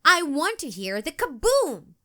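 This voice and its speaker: Sassy little schoolgirl in a storybook, read by a woman, eager and emphatic, unhurried. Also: sits high, huge pitch swings, bright, forceful tone, pitched above the performer's own voice, heavily acted.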